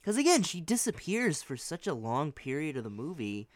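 A man's voice: on the high side, very animated, moderate pace, no room sound. A man co-hosting a podcast, chatting casually and rambling, hedging with many restarts. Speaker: podcast co-host. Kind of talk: casual chat.

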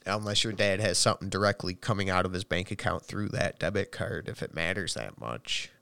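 A man's voice: deep voice, fairly quick, creaky, sharp tone, clear, resonant tone, dry recording. A man in casual chat, making dry wisecracks and swearing freely.

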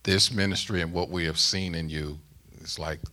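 A middle-aged man preaching a sermon, with emphatic rising bursts that ease into a soft closing prayer. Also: sits low, steady tone, moderate pace. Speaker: guest preacher.

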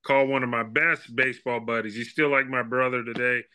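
Guest, man in his fifties, sharp and bright tone, chatty animated storyteller. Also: medium pitch, fairly quick, clear, resonant tone. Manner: animated storyteller, acts out quoted dialogue. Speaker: guest, baseball scout and former player. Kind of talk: casual storytelling interview.

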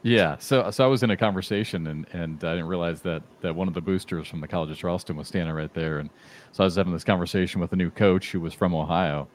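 Low-voiced easygoing Iowa man. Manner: easygoing, halting, storytelling. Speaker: podcast co-host. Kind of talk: casual chat.

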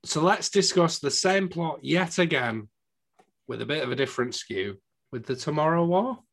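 A man's voice: on the high side, lively intonation, normal speed, creaky, a bit bright. A man from England co-hosting a casual film review chat, dry and joking with British slang. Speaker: podcast co-host.

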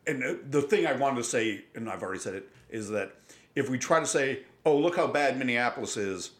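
A man's voice: medium pitch, lively intonation, a bit bright. Man with a mid-range voice chiming in. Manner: agreeable, chiming in, halting restarts. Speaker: podcast co-host. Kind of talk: casual chat. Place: studio.

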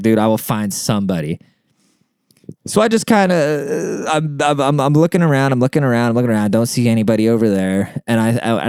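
A man's voice: on the low side, darkish tone, clear, resonant tone, no room sound, studio quality. A young man telling a story in a casual rant, cursing often and acting out what everyone said, exasperated. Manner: profane, exasperated storytelling, acts out quotes.

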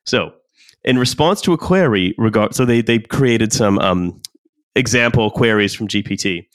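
A man's voice: on the low side, animated, moderate pace, no room sound. A man hosting a casual podcast chat who reads out legal text and often restarts his sentences. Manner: hesitant, many restarts and fillers. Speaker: podcast host.

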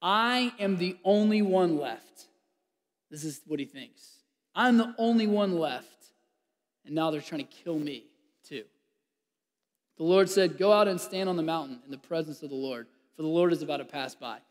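A man delivers a sermon in a lively, fairly high voice. He acts out the scripture with humor and laughter, then drops to a near-whisper for the quiet moments. His voice rings out with a long reverb, as in a large hall. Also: moderate pace. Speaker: pastor.

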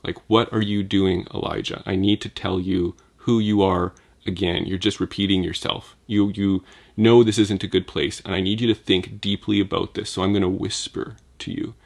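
Hushed, gentle God voice, low and soothing, talking a worn-out prophet down, as a preacher puts him on. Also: male voice, normal speed, gravelly. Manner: soft, hushed and calming.

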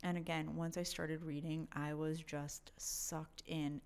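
Enthusiastic woman chatting about a book. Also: fairly low pitch. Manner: enthusiastic, rambling. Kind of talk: casual book chat.

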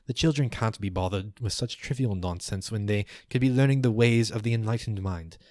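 A man's voice: lowish voice, brisk, a little mellow, no room sound, studio quality, lightly acted. A man voicing an old male winged elf elder who talks in a condescending, fussy way.

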